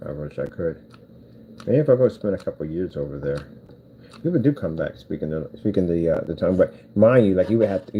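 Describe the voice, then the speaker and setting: A low-voiced man rambles as he works on a build, half talking to himself. His pitch rises and falls a lot. Steady noise and clicking run behind him. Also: brisk, gravelly, long pauses, highs cut off. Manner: meandering, talks to himself while working. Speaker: vlogger building cardboard PC cases. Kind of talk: casual rambling chat while crafting.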